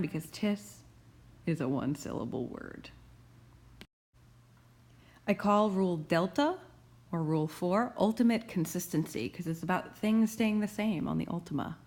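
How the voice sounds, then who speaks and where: Woman teaching slowly, slightly low voice. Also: darkish tone. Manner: slow, deliberate emphasis on key terms. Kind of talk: explaining grammar rules.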